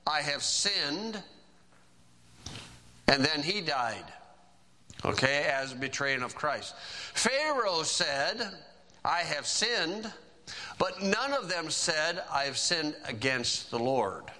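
Bright-voiced man preaching a sermon. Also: on the high side, very animated, takes it slowly, pauses often, poor audio.

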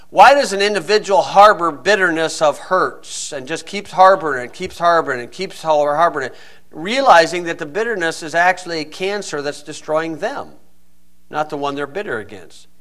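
A man's voice: fairly high pitch, a bit bright. A middle-aged man preaching a sermon, blunt and scornful, firing off rhetorical questions.

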